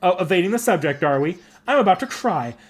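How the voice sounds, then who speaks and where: A man's voice: fairly high pitch, normal speed, close to an everyday voice. A man takes on a dramatic young woman warrior-emperor from a video game. The voice sits raised and showy, swinging between grand indignation and regal command. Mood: theatrical indignation. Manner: theatrical, indignant, flamboyant. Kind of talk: voicing game dialogue aloud.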